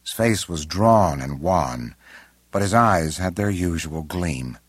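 Deep husky male audiobook narrator. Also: animated, no room sound. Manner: measured, unhurried. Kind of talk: scripted narration.

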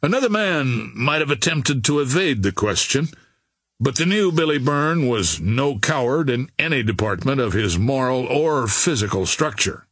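Close to the mic, a man with a husky, medium-pitched voice narrates an audiobook in a measured, expressive storytelling style. There's no room sound at all.

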